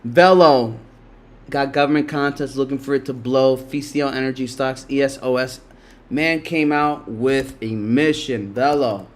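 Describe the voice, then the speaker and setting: Brief: middle-aged male live-stream trader, mid-pitched, salty, rambling, talks to chat. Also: unhurried. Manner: loose, profane, talks to chat, laughs a lot. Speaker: livestream stock market host. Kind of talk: casual live-stream commentary.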